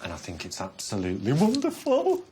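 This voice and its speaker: An actor playing a prim, excitable male salon partner who is quick to exclaim. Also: lowish voice, noisy background. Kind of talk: sitcom acting.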